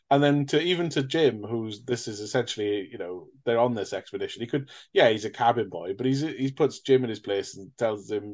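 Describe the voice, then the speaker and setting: A man's voice: mid-range voice, fairly quick, a little mellow. A man in a casual, rambling film chat, swearing freely and restarting sentences. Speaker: podcast co-host.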